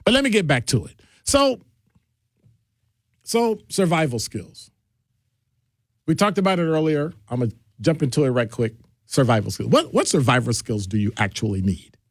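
Animated male radio host with lively pitch. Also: moderate pace, long pauses, dry recording, studio quality. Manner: animated, digressive, jumps between deep and high voices. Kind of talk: casual call-in radio talk. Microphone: studio microphone.

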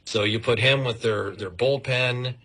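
A man joins a radio show as a sports commentator guest. He talks in a measured, analytical way, and his bright voice has a husky grain. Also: mid-range voice, steady tone. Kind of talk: casual sports talk.

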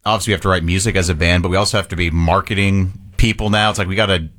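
A man, a rock band member, chatting in a relaxed way as a radio guest. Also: deep voice, rapid-fire. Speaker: touring rock musician. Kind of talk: casual radio interview.

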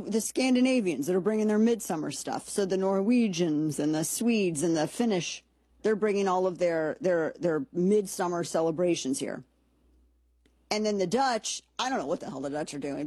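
A woman's voice: lowish voice, darkish tone, no room sound. A woman hosting a commentary show, talking in a chatty, sarcastic, rambling way with lots of asides. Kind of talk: casual monologue commentary.

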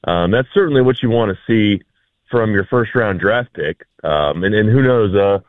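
A man talks through sports analysis in an easygoing way, with dry humor and many fillers. His voice sits fairly low. The sound is dry and tinny, like a phone call. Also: lively intonation, normal speed, no room sound. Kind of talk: casual sports talk.

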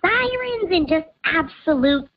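A woman's voice: very high voice, animated, unhurried, dull audio, over a noisy crowd. A woman calling in to confess something embarrassing, her voice run through a voice changer, speaking hesitantly. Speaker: anonymous caller. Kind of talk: phone-in confession.

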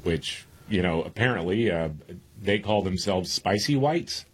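A man co-hosting a radio show, chatting casually and telling deadpan jokes. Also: low voice, unhurried, husky. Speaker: radio co-host.

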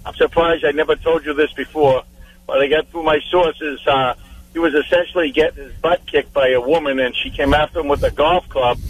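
A man's voice: a little high, steady tone, a little fast, no echo. Gossipy man, off-mic. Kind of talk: casual political chat. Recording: distant mic with faint noise.

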